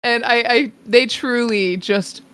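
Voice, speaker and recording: A woman chats casually as a podcast co-host, laughing often along the way. Her voice sits a touch high, and she takes her time getting through each thought. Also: slow, a bit bright, clear, resonant tone, dry recording. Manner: giggly, laughs often between remarks. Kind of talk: casual chat.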